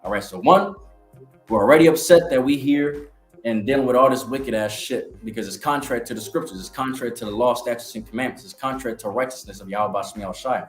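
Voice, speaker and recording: A man's voice: medium pitch, quick pace. A man giving a casual preaching testimony from his ministry, reading scripture aloud. He talks bluntly, swears, and keeps checking in with "all right?". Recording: roomy echo, faint music behind.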